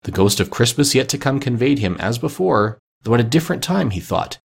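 A man narrating classic fiction as an audiobook, with measured, expressive storytelling. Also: mid-range voice, vocal fry, husky.

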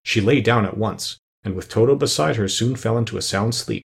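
A man narrating a children's storybook in a steady, even reading voice. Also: fairly low pitch, brisk, creaky. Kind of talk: audiobook narration.

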